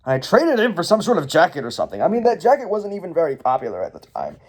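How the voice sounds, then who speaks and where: A man's voice: high-pitched, big pitch swings, slow pace, gravelly, pitched above the performer's own voice, full character voice. A man doing a boastful cartoon supervillain. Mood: wistful. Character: brash show-off ninja supervillain, adult male.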